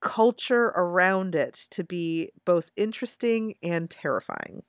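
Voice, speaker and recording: Woman, podcast co-host, lowish voice, dry close mic, wry, thoughtful, casual talk. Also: unhurried, no room sound. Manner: thoughtful, wry, frequent agreeing fillers. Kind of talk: casual discussion.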